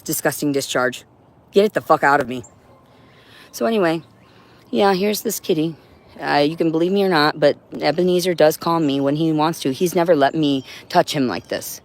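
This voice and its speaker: A woman on a livestream in an agitated, profane, rambling monologue, now and then talking to her cat. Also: low-pitched.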